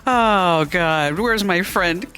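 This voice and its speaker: Bright, chatty talk show co-host. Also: mid-range voice, very animated, brisk. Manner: chatty, rambling, lots of fillers. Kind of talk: casual radio show banter.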